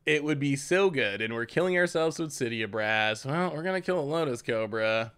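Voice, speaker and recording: A man's voice: mid-range voice, expressive, a little fast, a bit bright, clear, resonant tone. A man casually commentating his card game on a live stream, chatty, laughing often and repeating himself as he talks.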